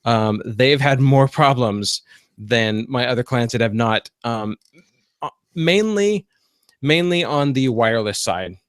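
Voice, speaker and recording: A man hosting a casual podcast, talking loosely with plenty of "um"s and restarts. His voice sits at an ordinary middle pitch, and the sound is close and dry. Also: a little slow, a bit bright, no room sound. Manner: rambling, many restarts and fillers. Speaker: podcast host; computer repair business owner.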